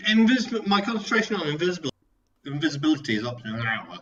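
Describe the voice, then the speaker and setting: A man's voice: fairly high pitch, big pitch swings, very fast, dull audio, a crowd in the background. A man playing a tabletop game, hesitant and repeating himself as he explains his plan. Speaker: player. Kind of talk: casual tabletop play.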